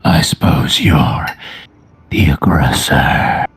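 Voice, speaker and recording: A hulking armored warlord, voiced by a man, speaks in a deep, gravelly half-whisper. Every word comes slow, cold and scornful, dropped well below a normal speaking voice. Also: heavily acted. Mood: menacing. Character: menacing armored male humanoid brute, calm and scornful.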